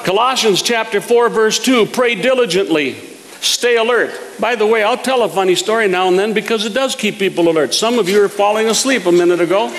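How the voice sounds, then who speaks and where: A man's voice: sits high, big-room sound, rough recording. A man preaching a sermon, telling folksy humorous stories and chuckling at his own jokes.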